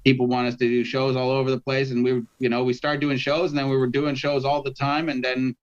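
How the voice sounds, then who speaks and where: A man's voice: medium pitch, level tone, a little fast. Man talking over a lo-fi video call. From Canada. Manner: rambling storyteller, many fillers. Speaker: guest rapper. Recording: dull lo-fi video call audio.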